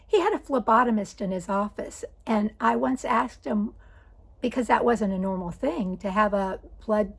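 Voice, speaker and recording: An older woman in her sixties telling a personal story with a gravelly, husky voice pitched a little high. She speaks conversationally and with dry wit, often stopping to correct herself. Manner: conversational, self-correcting, wry. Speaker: vlogger.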